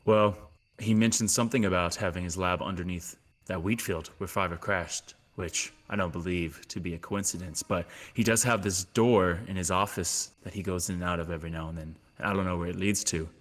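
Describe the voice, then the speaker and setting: A man's voice: sits low, steady tone, a little fast, a bit bright, in a large hall. A man speaking as a player in a tabletop game, laid-back and somewhat hesitant. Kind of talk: casual tabletop play.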